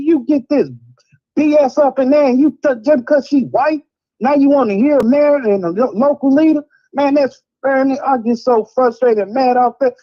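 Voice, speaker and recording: A man's voice: very high voice, muffled recording. A man from Chicago calling in to a live show, ranting in a frustrated, rambling way and repeating himself. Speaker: caller. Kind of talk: heated call-in rant.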